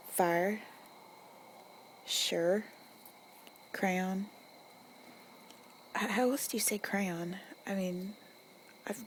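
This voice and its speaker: Woman, Arkansas accent, whispered ASMR, gum chewing, slow drawl, phone mic outdoors, faint night sounds. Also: medium pitch, slight background noise. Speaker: ASMR creator. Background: distant cars and crickets.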